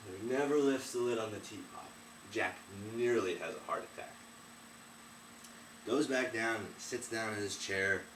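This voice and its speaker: A man's voice: lowish voice, moderate pace, a bit bright, distant mic, a little hiss or hum. A man in his twenties casually and animatedly retelling a folk tale, chatty in tone. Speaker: storyteller. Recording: roomy, off-mic, faint ambience.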